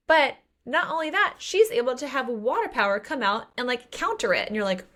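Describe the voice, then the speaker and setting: Animated woman acting out a book's scenes. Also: fairly high pitch, normal speed. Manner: animated, acts out characters' lines in playful voices, laughs often. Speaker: book podcast co-host. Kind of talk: casual chat recapping a book.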